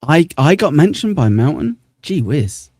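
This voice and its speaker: A man's voice: a little high, big pitch swings, unhurried, a little mellow, no echo, clean studio sound. A man hosting a casual livestream, chatting, laughing and thanking viewers by name as he reads comments. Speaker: livestream host.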